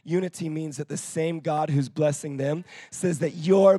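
Man, preacher, sermon, animated call-and-response, somewhat high voice, husky tone. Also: moderate pace, no echo. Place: church.

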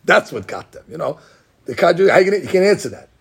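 A man teaching a Talmud class in an animated, repetitive way, dropping Hebrew and Aramaic terms into his speech. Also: a little high, fast, creaky, breathy edge. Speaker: Torah teacher.

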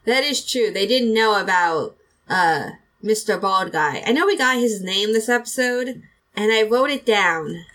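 A woman's voice: mid-range voice, animated, a little slow, fairly bright tone, poor audio. A woman hosting a casual podcast, chatty and giggly, rambling through an episode recap with plenty of fillers. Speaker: podcast host.

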